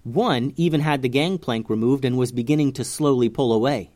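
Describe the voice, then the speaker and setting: A man reading a children's adventure story aloud with expressive narration. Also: mid-range voice, brisk.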